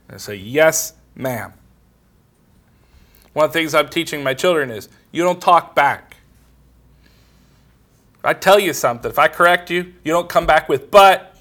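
In a slightly high, bright, forceful voice, a middle-aged man delivers a sermon made of plain, everyday stories. He talks conversationally and quotes others' lines.

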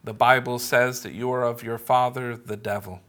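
A man preaching a sermon as pastor, earnest and measured, leaning on emphatic pauses. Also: mid-range voice, fairly even intonation, a bit bright.

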